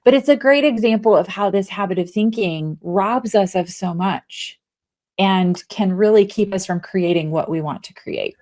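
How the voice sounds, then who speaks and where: Animated woman telling a story. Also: medium pitch, moderate pace. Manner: animated storyteller, acts out her own thoughts. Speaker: guest, author and leadership coach. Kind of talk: casual podcast interview.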